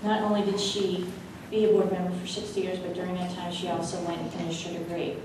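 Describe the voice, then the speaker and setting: A woman giving a halting tribute speech at a school board meeting, with many fillers. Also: lowish voice, little pitch movement. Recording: echoey hall, mic from far off, noisy.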